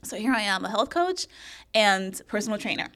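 A woman talking in a casual podcast conversation, candid and expressive, swearing freely and acting out her old thoughts. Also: medium pitch, a little fast. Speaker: podcast guest.

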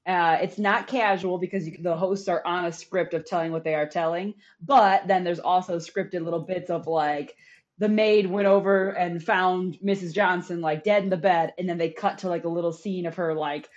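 A woman co-hosting a podcast in casual chat, animated and laughing often as she tells stories. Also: on the low side, normal speed, highs cut off. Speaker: podcast co-host.

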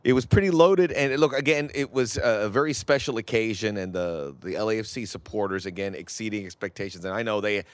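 Low-voiced reflective soccer co-host. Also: male voice, no echo. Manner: measured and reflective, with hesitant restarts. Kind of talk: casual sports chat.

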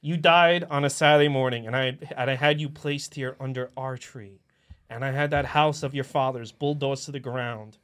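A man's voice: medium pitch, fairly even intonation, moderate pace, a bit bright, clean tone. A man from Queens, New York, doing a comedic mock audition, reading a monologue earnestly with stumbles and shifting accents.

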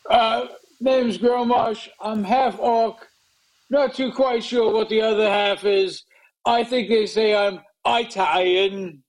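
Half-orc singer, squeaky high voice, slow swaggering drawl, flirty. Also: male voice, fairly even intonation, rough recording. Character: brash half-orc male singer, cocky.

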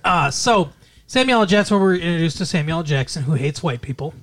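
A podcast co-host in casual movie chat, rambling through plot retellings in an animated way. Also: medium pitch, fairly quick.

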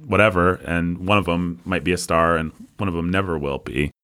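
A man's voice: low voice, fairly quick, no room sound. A man co-hosting a podcast, talking casually and animatedly about a film, now and then slipping into playful voices. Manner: animated storyteller, slips into voices. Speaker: podcast co-host.

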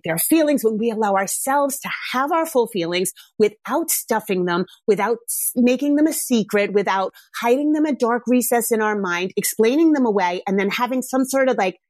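A middle-aged woman, a mother, telling a candid personal story in a reflective, casual way. She grows animated when she quotes herself. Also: a little high, no echo.

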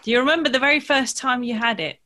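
A woman's voice: sits high, fast talker, pushed and bright. A woman hosting a podcast, asking curious questions in a bubbly way. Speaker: podcast host. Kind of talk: casual interview chat.

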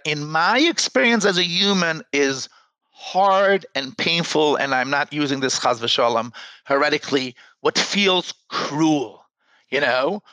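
A man's voice: a little high, pushed and bright, dry recording, low-quality recording. A man speaking as a rabbi in an earnest panel discussion, often repeating words as he starts a sentence. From United States.

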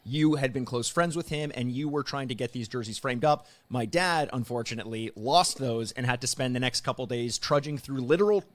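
A man hosts a podcast in a chatty, joking tone, tossing out quick asides to the listener. His voice sits at an ordinary middle pitch and moves at an easy conversational pace. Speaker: podcast host. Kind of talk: casual podcast chat.

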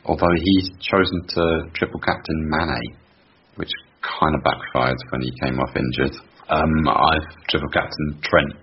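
A man's voice: rumbling low, breathy edge. A man co-hosting a casual football podcast, laid-back and chuckling at himself. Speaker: podcast co-host. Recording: dull lo-fi audio.

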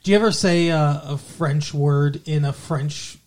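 A man's voice: on the high side, unhurried, darkish tone. A man co-hosting a podcast in casual, teasing chat with his fiancée, chuckling often. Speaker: podcast co-host.

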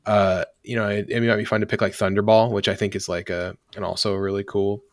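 A man's voice: fairly low pitch, little pitch movement, quick pace, no room sound, studio quality. A man co-hosting a podcast, talking casually and rambling with lots of restarts and fillers. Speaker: podcast co-host. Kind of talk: casual chat.

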